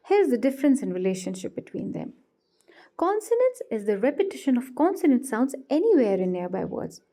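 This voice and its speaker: Lively mellow-voiced woman teaching literature. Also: high voice. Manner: clear, explanatory, reads examples slowly and deliberately. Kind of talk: scripted lesson narration.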